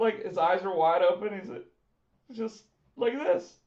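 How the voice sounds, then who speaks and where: A man's voice: high-pitched, a little slow, a little mellow. A man co-hosting a casual podcast, talking animatedly and acting out what others said. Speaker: podcast co-host. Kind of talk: casual wrestling chat. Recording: echoey room, dull lo-fi sound.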